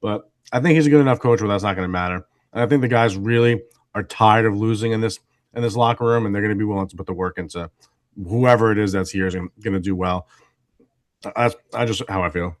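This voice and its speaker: A man giving quick, confident opinions in casual sports podcast chat. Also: lowish voice, no room sound, studio quality. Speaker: podcast co-host.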